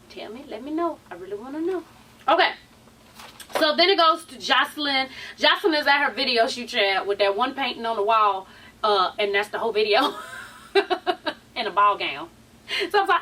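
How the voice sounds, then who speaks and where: A woman with a high, bright voice dishes on a reality show in a sassy, tired gossip style, swearing freely and sprinkling in honey and child. She sounds a little distant from the microphone. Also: lively intonation, normal speed. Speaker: vlogger recapping a reality show. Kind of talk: casual gossip recap. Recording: voice somewhat far from the mic.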